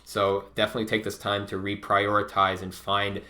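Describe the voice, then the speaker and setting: A man with a low voice reads tarot cards in a relaxed, rambling way. His tone is bright and forceful, and he swears freely and says "like" often. It sounds like a casual reading aimed straight at the viewer. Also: a little fast. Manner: laid-back and profane, heavy use of "like". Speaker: tarot reader.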